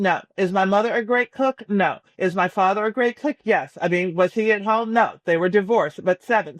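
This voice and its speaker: A woman in her sixties from Tennessee, a chef guest calling in from home, telling stories in a lively, chatty way and laughing often. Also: on the low side, dry recording. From Nashville, Tennessee. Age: 60s. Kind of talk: casual interview chat. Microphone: remote call.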